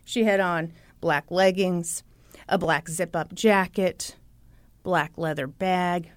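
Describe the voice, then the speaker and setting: A woman host telling a story in a lively chat, acting out the quotes. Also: lowish voice, slow pace, dry recording. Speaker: podcast host.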